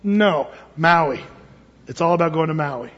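Pastor, man, high husky voice, storyteller who acts out the voices, long hall echo on a dull recording. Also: measured pace. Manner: animated storytelling, acts out voices, stammers and repeats words. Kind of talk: sermon.

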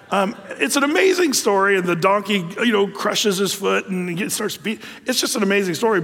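A man with a notably high voice preaches a folksy, humorous sermon, retelling scripture with plenty of fillers along the way. His words ring out with the long reverb of a large hall. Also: fairly bright tone. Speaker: pastor.

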